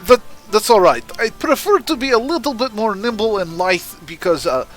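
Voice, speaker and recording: A man's voice: high voice, animated, moderate pace, fairly bright tone, faint music behind. A man playing a tabletop game, bantering in character in a playful way with hesitant restarts. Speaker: player.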